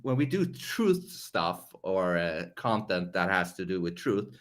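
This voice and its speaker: A man's voice: deep voice, big pitch swings, unhurried. A man hosting a casual podcast interview, agreeing often and adding short remarks. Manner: eager backchannels, agreeable. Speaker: podcast host.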